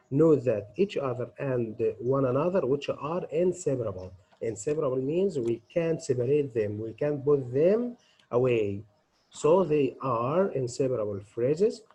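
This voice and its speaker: A man's voice: medium pitch, darkish tone, slightly rough, low-quality recording. A middle-aged man, an English teacher, giving a grammar lesson and answering his own questions as he goes.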